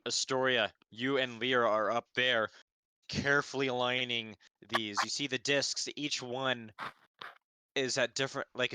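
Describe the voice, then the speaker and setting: A man's voice: mid-range voice, pushed and bright, smooth, no room sound. A man running a tabletop game as dungeon master, narrating with lots of fillers and restarts. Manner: rambling with many fillers and restarts. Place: home setup, streamed live.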